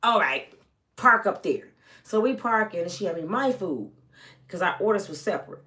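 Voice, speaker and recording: At a moderate pace and medium pitch, a middle-aged woman relates a personal story to her vlog viewers. Animated and expressive, she shifts from loud to hushed and dramatizes the people she quotes.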